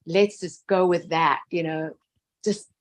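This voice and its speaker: A woman telling a heartfelt personal story in an earnest, emotional way. She repeats phrases, laughs softly, and often drops to a hushed voice. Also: lowish voice, fairly even intonation, takes it slowly.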